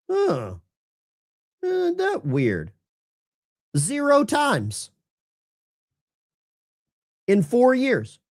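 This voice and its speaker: A man hosting a live stream of political commentary, talking to his chat viewers in a sarcastic, rambling way with many restarts. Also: high-pitched. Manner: addresses chat viewers directly. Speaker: political commentary livestream host.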